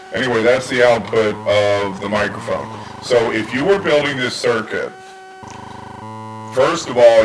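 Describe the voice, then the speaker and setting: A man's voice: on the low side, background noise. A man at a home workbench giving a casual hands-on electronics tutorial, with wry asides while he tinkers, sometimes heard through his breadboard microphone circuit. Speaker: electronics hobbyist demonstrating a circuit. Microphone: desktop mic, at times heard through a breadboard circuit. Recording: circuit distortion and synth tones behind.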